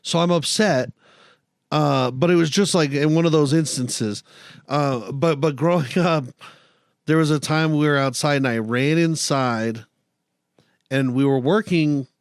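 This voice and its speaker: A man's voice: a little high, unhurried, clean tone, dry recording, studio quality. A young man co-hosting a podcast, telling stories in casual chat, swearing freely and laughing as he goes. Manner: profane, storytelling with laughs. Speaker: podcast co-host.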